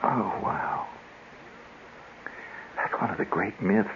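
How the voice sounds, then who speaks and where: A man's voice: fairly low pitch, takes it slowly, a little hiss or hum. A man hosting a radio show, telling wry, rambling stories and often interrupting himself, heard on a dull lo-fi 1970s radio broadcast. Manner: wry, storytelling, self-interrupting. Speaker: radio host. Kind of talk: rambling monologue.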